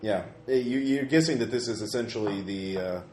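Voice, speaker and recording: Brief: game master, hesitant, filler-heavy narration; echoey room, light noise. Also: male voice, fairly low pitch, a little fast, a little mellow.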